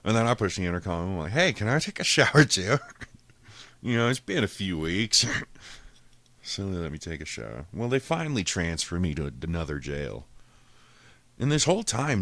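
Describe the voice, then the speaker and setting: A very deep male voice with lively, swinging intonation. He tells a long story on a podcast in a loose, foul-mouthed way, acting out what everyone said. The sound is dry and close. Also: a little fast, dry recording. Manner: profane, animated retelling, acts out quotes. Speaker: podcast host. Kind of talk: casual storytelling.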